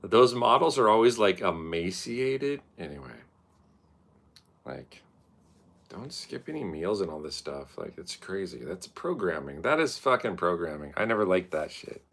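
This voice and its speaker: Casting: gravelly, low-voiced man in his thirties, swearing, rambling and mocking himself. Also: sing-song, measured pace. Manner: profane, rambling, self-mocking, loud mocking quotes. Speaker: streamer telling stories. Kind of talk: casual rambling storytelling.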